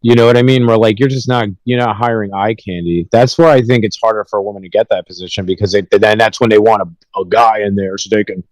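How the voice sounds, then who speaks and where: A man's voice: on the low side, steady tone, quick pace, few pauses, dry recording, poor audio. A man co-hosting a casual podcast, rambling through his points with lots of fillers and joking asides. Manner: rambling, filler-heavy, jokey. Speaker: podcast co-host. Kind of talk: casual chat.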